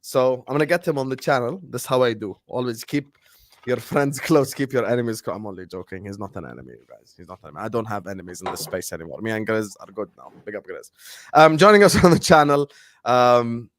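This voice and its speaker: A man's voice: mid-range voice, lively intonation, quick pace. A man hosting a casual live stream over a video call, introducing guests with playful banter and teasing. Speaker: host. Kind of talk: casual chat. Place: home studio, virtual stadium background. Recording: dry, close with no room echo.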